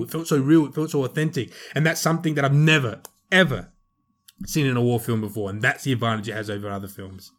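A man co-hosting a film podcast, talking in an animated, rambling way with strong emphasis. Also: mid-range voice, fast talker. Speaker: podcast co-host, film reviewer. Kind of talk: casual chat.

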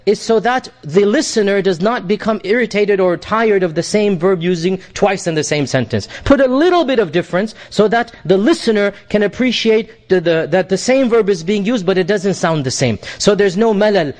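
A man giving a Quran commentary lesson, explaining patiently, repeating his points and reciting Arabic verses quickly. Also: sits high. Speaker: Islamic teacher.

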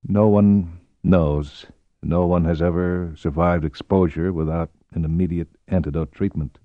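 Narrator playing a grave middle-aged doctor, measured and clinical, lower voice, dry, slightly dull audio. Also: male voice, steady tone, no room sound. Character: middle-aged male doctor, anxious and careful.

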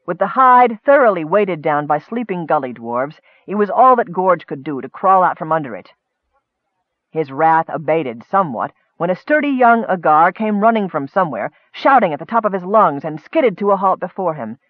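A man narrating a comic fantasy story in a lively storytelling manner. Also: high-pitched, normal speed, no room sound, phone-quality sound. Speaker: audiobook narrator. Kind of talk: scripted narration.

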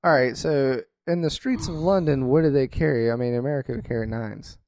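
A man with a mellow, dark-toned voice hosts a casual comedy podcast. He jokes in a mock-tough way and swears now and then. The sound is dry and close to the mic. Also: mid-range voice, a little fast, no echo. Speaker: podcast host.

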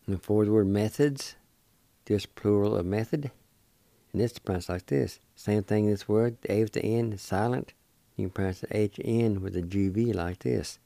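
A man with a lowish, creaky, mellow voice hosts a radio language lesson at normal speed, slowly spelling words out and pronouncing them carefully syllable by syllable, repeating them, in a dry recording.

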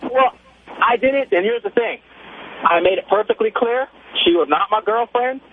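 A man's voice: sits high, normal speed. A man in his twenties calling a radio talk show and telling a boastful story in slangy, casual chat over a phone line. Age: 20s. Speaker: caller. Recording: tinny phone line with faint hiss.

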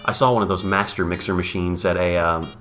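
A man co-hosting a podcast, chatting casually and jokingly, now and then breaking into squeaky silly voices. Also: a little fast, faint music behind. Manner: animated, jokey, with squeaky put-on voices. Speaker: podcast co-host. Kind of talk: casual chat.

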